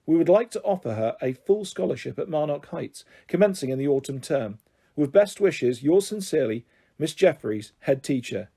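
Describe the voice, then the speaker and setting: A man reading a children's novel aloud in an expressive, animated way. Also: fairly high pitch, moderate pace, slightly rough. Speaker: storyteller.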